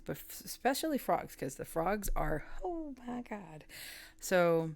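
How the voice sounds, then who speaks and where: A woman's voice: on the low side, sing-song, a little slow, creaky, no echo. A woman reading tarot in a casual, chatty way, laughing often and trailing off mid-thought. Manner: coos softly at her pet. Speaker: tarot reader.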